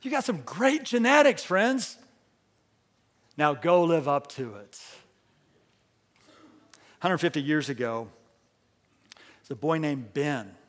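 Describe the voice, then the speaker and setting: In a large hall, a pastor speaking at medium pitch shares a story within his sermon. His delivery swings from quiet to loud and emphatic, and he draws the congregation into call and response.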